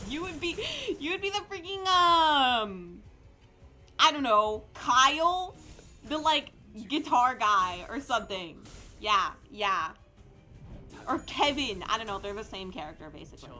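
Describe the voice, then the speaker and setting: Bright, playful woman streamer. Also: on the high side, lively intonation, unhurried, faint music behind. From California. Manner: playful, sarcastic, rambling chat with sudden loud outbursts. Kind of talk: live game stream chat.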